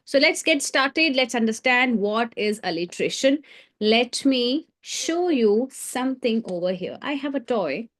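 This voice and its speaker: A woman leads a live online creative writing class for children. Her voice sits a little high, and she keeps drawing the viewers in with questions and encouragement. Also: animated, measured pace, a bit bright.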